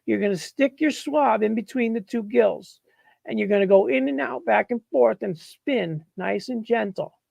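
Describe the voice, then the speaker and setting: A man's voice: high voice, normal speed, gravelly, darkish tone, no room sound, highs cut off. A man hosting a live mushroom-growing stream, talking casually while demonstrating and answering questions, blunt and exasperated, swearing freely.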